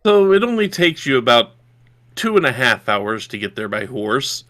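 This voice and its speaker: A man from Yorkshire runs a tabletop session as game master, with a bright, forceful voice. He lays out scenes in detail and checks the rules aloud as he goes. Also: mid-range voice, big pitch swings, normal speed.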